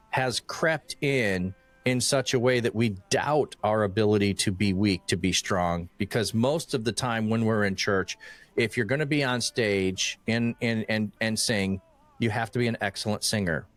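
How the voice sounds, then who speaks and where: A man from Michigan hosting a casual podcast conversation, animated and acting out quoted voices as he talks, often restarting phrases. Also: on the low side, moderate pace, no room sound. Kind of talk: casual chat.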